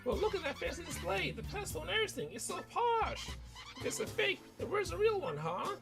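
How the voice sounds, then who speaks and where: A man plays a shrill old game witch, pitched far above his own voice and gushing over her master. Her voice squeals high and swoops wildly, with game music behind. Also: wildly swooping pitch, fairly quick, vocal fry, heavily acted. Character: old witch woman, shrill, fawning henchwoman.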